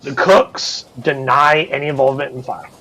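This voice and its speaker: A man's voice: medium pitch, steady tone, fairly quick, pushed and bright, slight background noise, low-quality recording. A man running a tabletop game as game master, narrating casually and swearing freely. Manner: casual, swears freely, acts out crew voices.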